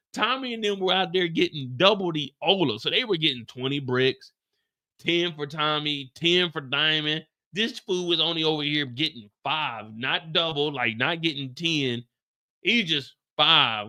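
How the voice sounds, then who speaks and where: A man hosting a live show recap, telling the story in animated, slangy casual talk. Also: a little high, moderate pace.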